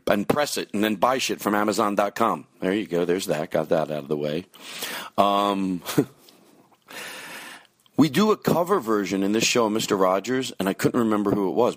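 A man's voice: on the low side, dry recording, studio quality. A man hosting his podcast, rambling through plugs and announcements in a loose, self-mocking way. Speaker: podcast host. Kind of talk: casual podcast intro.

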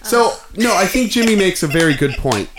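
A man's voice: high-pitched, animated, normal speed, noisy background. A man in casual podcast chat, playful and joking, who sometimes slips into a mock-grand speechmaking voice. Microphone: microphone close in front of face.

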